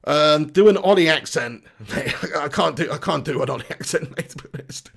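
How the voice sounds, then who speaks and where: Gravelly, upbeat live-stream host. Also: male voice, fairly high pitch, brisk, hardly any pauses. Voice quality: energetic, chatty, reads viewer comments aloud. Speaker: football fan channel host.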